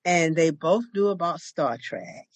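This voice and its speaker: An older woman, a podcast co-host, chatting casually and telling a long, lively story. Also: fairly low pitch, unhurried, dry recording. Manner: chatty storyteller who acts out other people's lines. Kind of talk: casual chat.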